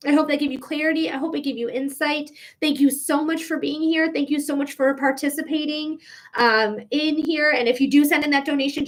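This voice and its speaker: A woman giving a live-streamed psychic reading, talking in a chatty, emotional way with lots of "like" and quick laughs. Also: sits high, a bit bright. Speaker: psychic reader.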